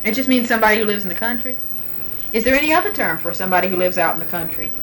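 A woman's voice: mid-range voice, racing, a bit bright, rough recording. A woman interviewer with a mid-range voice asks patient questions and leaves sentences open for the answer. A faint noise hangs under her voice. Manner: patient, prompting with unfinished sentences. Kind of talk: dialect survey interview.

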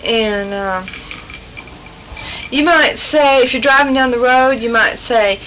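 Woman tester reading fill-in prompts, halting delivery, slightly high pitch, faint room noise. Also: fairly bright tone, low-quality recording. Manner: halting, many fillers, says okay after each answer. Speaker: language tester.

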